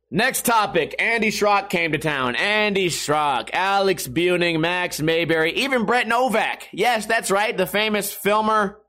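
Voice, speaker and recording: This is a skateboarder vlogger, a young man with a high-pitched, sharp-toned voice who keeps a measured pace with few pauses. He vents to camera in a casual, profane monologue, sarcastically ranting about his internet connection and skating and swearing all the while.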